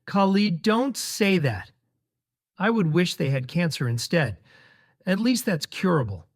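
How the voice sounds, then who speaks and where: A woman's voice: sing-song, a little slow. A man doing a chipper, scolding churchgoing mom. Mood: sharp. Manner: chipper, scolding, raised higher voice. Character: fussy devout middle-aged mother.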